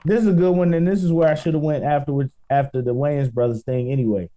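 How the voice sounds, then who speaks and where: A man's voice: fairly high pitch, fairly even intonation, fast, mellow, slight background noise. A man with a Chicago accent co-hosting a casual comedy podcast, telling stories in a laid-back, rambling way. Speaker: podcast co-host.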